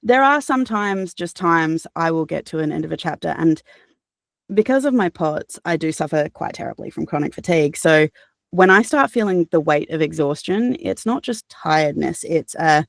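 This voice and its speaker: An Australian woman with a slightly low voice speaks earnestly as an interview guest. She thinks aloud, restarting sentences and filling pauses. The sound is dry and close, with no room echo. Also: lively intonation, creaky. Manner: reflective, earnest, many fillers and restarts, occasional laughs. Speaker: guest, audiobook narrator and voice actor. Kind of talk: casual interview chat.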